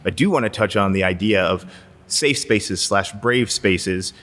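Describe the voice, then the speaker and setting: A man hosting an interview, attentive and steady, backing his guest with frequent affirmations. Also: on the low side, unhurried. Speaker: podcast host. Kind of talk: conversational interview. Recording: reverberant room.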